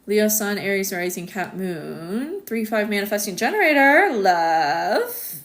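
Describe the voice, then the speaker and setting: An American woman hosts a relaxed live stream from home, chatting with viewers at a slow, unhurried pace. She laughs easily and keeps the talk loose, and she sounds like she is speaking into her phone. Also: medium pitch. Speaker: astrologer hosting a live stream. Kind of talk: casual live-stream chat reading comments.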